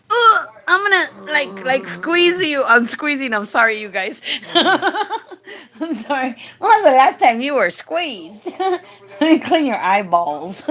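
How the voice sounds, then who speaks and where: A woman chats on a live stream in an unhurried, fond tone, gently coaxing the man beside her to greet viewers. Her voice sits a little high, and she draws her words out slowly. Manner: doting, coaxing, talks to him tenderly. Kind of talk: casual live-stream chat.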